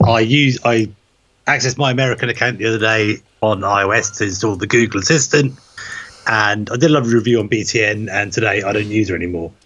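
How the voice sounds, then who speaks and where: Husky Norfolk man, rambling opinions. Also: on the low side, quick pace, a bit bright, highs cut off. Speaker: podcast co-host. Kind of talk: casual chat.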